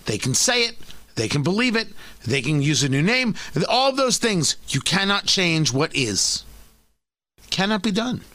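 Animated opinionated male radio host. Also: sits high, measured pace, no echo. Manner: emphatic, opinionated, sarcastic. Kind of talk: talk radio commentary.

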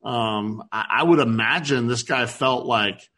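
A man's voice: mid-range voice, unhurried, bright, forceful tone. A man hosting a business podcast, reacting with enthusiasm and asking questions. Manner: enthusiastic, effusive interviewer. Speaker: podcast host. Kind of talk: interviewing.

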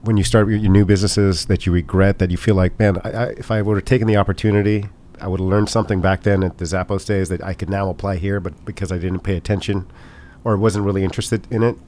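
A man's voice: sits low, fairly even intonation, quick pace, hardly any pauses, a little mellow, a little hiss or hum. A man interviewing a guest, asking long probing questions and answering with short agreements. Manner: asks long probing questions, brief "yeah" replies.

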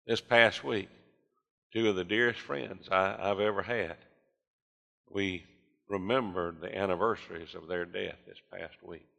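A man's voice: low-pitched, fairly even intonation, measured pace, gravelly, pushed and bright. An older male pastor preaching a sermon in a church, building to fervent appeals and voicing his listeners' objections. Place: church sanctuary. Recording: long reverb of a church hall.

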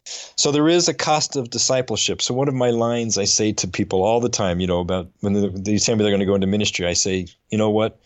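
A middle-aged man on a faith podcast, telling a personal story in an earnest, halting way and getting choked up. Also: on the low side, no echo. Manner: earnest, halting, with frequent restarts. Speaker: podcast co-host.

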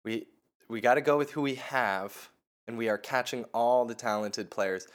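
A man's voice: mid-range voice, normal speed. A man co-hosting a casual comedic podcast chat, swearing often and laughing as he talks. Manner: profane, laughing, emphatic. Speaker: podcast co-host.

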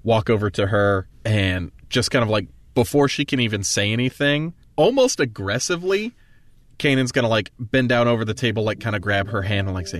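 A man's voice: lowish voice, lively intonation, a little fast, faint music behind. Hesitant man describing his character. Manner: loose and hesitant, many fillers. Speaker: player.

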